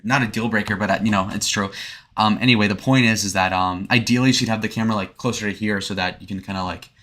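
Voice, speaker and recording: Young male streamer, low bright voice, rambling, profane, restarts a lot. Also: steady tone, fast. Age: 20s. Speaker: streamer reviewing his own speed date. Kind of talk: casual stream commentary reading chat. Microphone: desk webcam setup.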